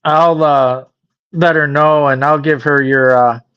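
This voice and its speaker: A man's voice: a little high, steady tone, unhurried, smooth. A man from Michigan chatting easily and folksy on a livestream, joking along. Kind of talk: casual chat on a livestream. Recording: dull lo-fi sound.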